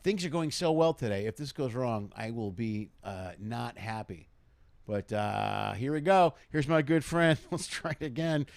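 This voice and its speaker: A man's voice: medium pitch, animated, a little slow, creaky, dry recording. A man in his forties hosting a casual live stream, rambling with hype-man energy and lots of fillers. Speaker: show host.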